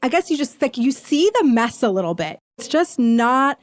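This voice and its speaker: Woman, podcast host, encouraging listener, higher pitch. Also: big pitch swings, moderate pace. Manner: warm, affirming listener. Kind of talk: casual interview chat.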